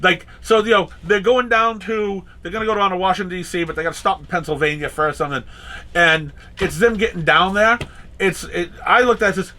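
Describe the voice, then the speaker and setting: Chatty man with a bright voice. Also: high-pitched, a little fast, slight background noise. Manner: rambling, with many restarts and acted-out quotes. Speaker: comic shop owner and podcast host. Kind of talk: casual chat.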